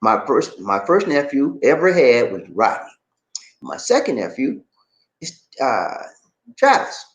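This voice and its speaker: Animated middle-aged man, lively storyteller. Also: mid-range voice, unhurried, echoey room, muffled recording. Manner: animated, laughing, outspoken storyteller. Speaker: YouTube show host. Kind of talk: casual live-stream chat.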